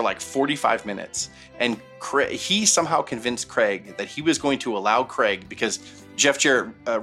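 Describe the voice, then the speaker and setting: A man casually telling long, rambling anecdotes on a podcast, full of fillers and quoted voices. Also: lowish voice. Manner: rambling, animated, many fillers. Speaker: podcast co-host telling stories. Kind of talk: casual storytelling chat.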